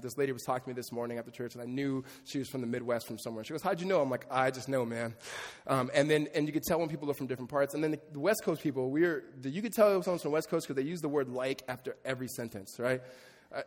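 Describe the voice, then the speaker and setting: A man's voice: medium pitch, very fast. A middle-aged man preaching a sermon as pastor, conversational and joking with his congregation. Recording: long reverb of a large hall.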